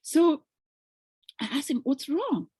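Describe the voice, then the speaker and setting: A woman, a relationship coach, telling a personal story to camera in a lively way and acting out the voices of others. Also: sits high, slow pace, dry recording. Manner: animated storyteller, acts out quoted voices.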